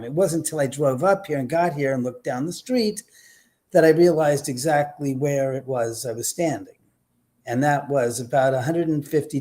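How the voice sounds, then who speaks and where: A man, a podcast guest telling a story and acting out the dialogue, speaking from home over a remote call. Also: medium pitch. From Los Angeles, USA. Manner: animated, acts out quoted dialogue. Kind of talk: casual storytelling. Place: home in Los Angeles.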